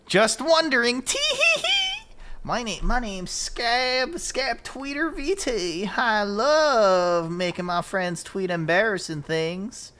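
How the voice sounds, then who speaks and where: A man voicing a giggly, teasing young man who loves pranks, in a slow sing-song delivery. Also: high voice, sing-song, sharp tone, slight background noise, voice pushed up, exaggerated voice.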